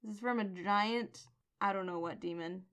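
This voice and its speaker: A woman's voice: medium pitch, moderate pace, a bit bright. A woman co-hosting a casual podcast, recapping comics in a playful, amused way. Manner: playful, amused, quotes characters in a light voice. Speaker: podcast co-host.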